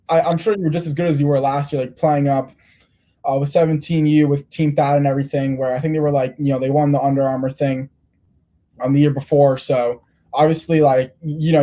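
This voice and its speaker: A man's voice: fairly high pitch, warm tone. A man interviewing a young player, rambling with lots of restarts. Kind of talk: casual interview.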